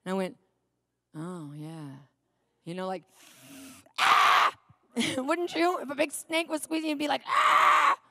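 High-voiced woman preaching. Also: fast talker, hardly any pauses, very noisy. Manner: animated storytelling, acting out quotes. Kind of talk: sermon with personal story.

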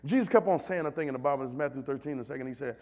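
A man preaching a sermon in a call-and-response style, building from low asides to loud shouted calls, with speech. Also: racing.

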